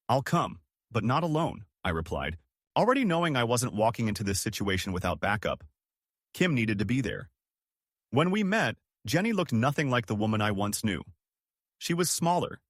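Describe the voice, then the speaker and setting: A man's voice: on the low side, a bit bright, no echo, clean studio sound. Man narrating a dramatic story. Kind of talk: scripted first-person story narration.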